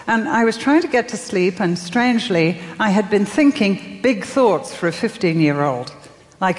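An older woman preaches in a soft storytelling voice, with dramatic pauses and little character voices for the people she quotes. Her pitch sits in the middle range. Long reverb from a big hall trails every phrase. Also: lively intonation. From England. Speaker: speaker. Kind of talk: sermon.

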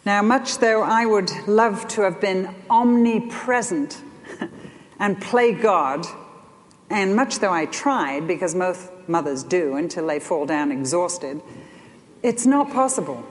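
An older woman preaching a sermon, telling stories in an animated way that swings between loud and soft. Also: fairly low pitch, takes it slowly. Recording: long hall reverb.

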